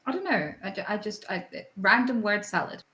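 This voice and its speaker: A woman's voice: medium pitch, big pitch swings, fairly quick, bright, forceful tone. A British woman from Britain, a guest in a casual interview, cheeky and teasing, heard over a call in an echoey room.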